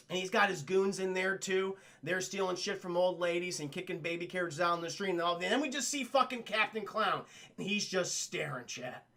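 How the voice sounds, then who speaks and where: A streamer reviewing a cartoon recaps it casually for his livestream chat, rambling, swearing, and often speaking straight to the chat. His voice sits high and sounds gravelly, bright, and forceful, and he acts out characters in quick voices.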